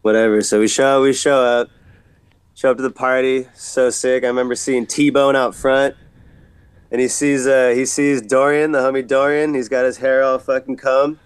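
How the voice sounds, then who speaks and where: Laid-back slangy skater dude. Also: male voice, mid-range voice, flat delivery, moderate pace, smooth, no echo. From San Diego. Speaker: podcast guest, pro skateboarder. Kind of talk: casual storytelling chat.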